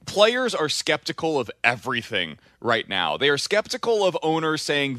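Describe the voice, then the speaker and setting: A man's voice: fairly high pitch, huge pitch swings, moderate pace, few pauses, bright, forceful tone, no room sound, studio quality. A man co-hosting a sports radio show, talking in an emphatic, opinionated way. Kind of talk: casual sports talk.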